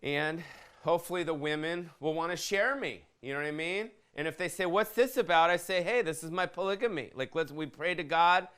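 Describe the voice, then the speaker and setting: A man's voice: a little high, a little fast, fairly bright tone, clean tone. A man in his fifties hosting a podcast, talking in a loose, profane, jokey rant and tossing questions to his producer. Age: 50s. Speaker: podcast host. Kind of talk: casual rambling rant.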